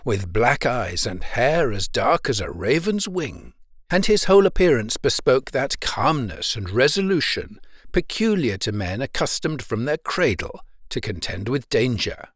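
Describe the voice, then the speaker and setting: A man with a medium-pitched voice narrates a classic novel as an audiobook narrator, reading the script in a measured, expressive way. The recording is studio quality with no echo.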